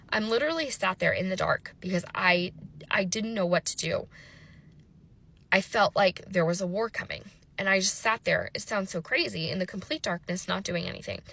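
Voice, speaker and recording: A woman's voice: mid-range voice, vocal fry, pushed and bright. A woman in her thirties, a mother, retelling a frightening family story in an emotional storytime monologue, intense and breathless as she quotes the dialogue. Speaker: mother telling a personal story.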